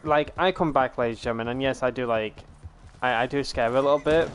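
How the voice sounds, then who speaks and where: A man's voice: medium pitch, fast talker, clean tone. Chatty British man streaming games. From Britain. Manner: chatty storyteller, addresses viewers as ladies and gentlemen. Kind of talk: casual gaming stream chat.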